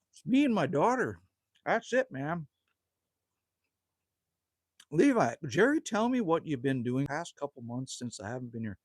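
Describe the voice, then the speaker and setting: A man's voice: on the high side, darkish tone, breathy edge, dry recording, studio quality. A man hosting a casual live stream outdoors at a cabin, answering viewer comments in a chatty, laid-back way and calling everyone man or buddy.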